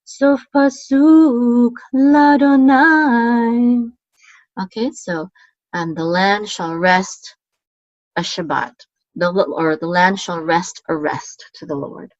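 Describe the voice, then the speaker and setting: Woman teacher, mid pitch, slow and dry, dull home-recorded sound, sings out the marks then murmurs explanations. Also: steady tone, no echo. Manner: chants the marks and words higher and slower, explains at a quick low murmur, many ums. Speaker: Hebrew teacher. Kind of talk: casual teaching, chanting trope words.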